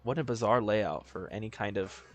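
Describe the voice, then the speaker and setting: A man's voice: fairly low pitch, fairly quick. A laid-back man giving casual gameplay commentary, swearing and joking as he plays. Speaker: let's player.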